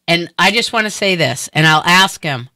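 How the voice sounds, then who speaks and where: A middle-aged woman from Boston with a Boston accent, hosting a casual chat in a blunt, animated way and swearing freely. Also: on the low side, normal speed, dry recording, clean studio sound. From Boston area, USA. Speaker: host.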